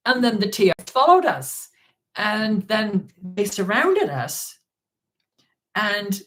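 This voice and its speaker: A man's voice: high-pitched, fairly bright tone. Dutch man hosting a casual livestream. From Netherlands. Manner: recounts events while reading viewer donations and comments. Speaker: livestream host.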